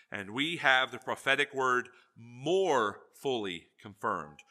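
A male pastor preaching a sermon, telling jokey stories and swinging between loud asides and hushed, earnest points. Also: medium pitch.

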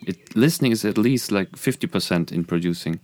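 A man's voice: low voice, animated, brisk, a little mellow, no echo. A man with a German accent, a musician guest talking earnestly and reflectively in a casual podcast chat. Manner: earnest, reflective, many restarts.

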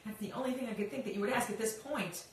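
A woman's voice: a little high, rapid-fire, recorded from a distance, a little hiss or hum. A woman hosting a casual live-stream chat as a drag coach, bubbly and sing-song, greeting her viewers by name. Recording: echoey room, voice off-mic.

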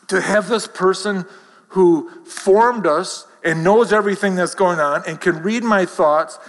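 Guy preaching, chatty sermon full of questions, sharp bright voice, big echoey hall. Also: a little high. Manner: conversational, self-deprecating, rhetorical questions. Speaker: pastor. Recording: reverberant hall.

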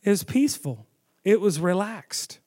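A man preaching a sermon, telling the story with animated storytelling and asking the audience questions. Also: high-pitched, measured pace.

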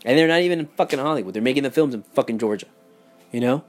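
A young man in a heated, profane, casual rant. He repeats himself and swings between loud outbursts and muttering. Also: medium pitch, animated, very fast, faint music behind. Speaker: vlogger. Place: home in Miami.

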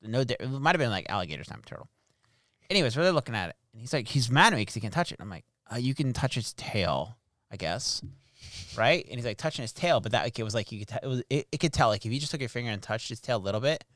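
Man, quick lively storyteller, dry close sound, swears. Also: medium pitch, no echo. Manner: animated storyteller, acts out quotes, swears. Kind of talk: casual storytelling chat.

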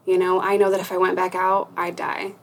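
A woman's voice: fairly low pitch, monotone, a little fast, gravelly, a little hiss or hum, poor audio. A young woman guest in a casual interview, talking frankly and profanely, with a self-mocking laugh. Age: young adult. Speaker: podcast guest.

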